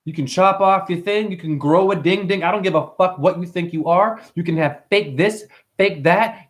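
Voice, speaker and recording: A man's voice: high voice, moderate pace, few pauses, fairly bright tone. A man hosting a numerology livestream, ranting intensely at his viewers, swearing and preaching as he addresses them directly. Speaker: numerology teacher and livestream host. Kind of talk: profane livestream rant.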